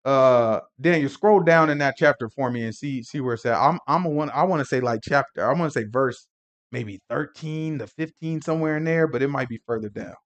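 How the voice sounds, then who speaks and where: A man teaching a Sabbath Bible lesson in an animated, rambling way, laughing often and breaking into emphatic asides. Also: medium pitch, fairly quick.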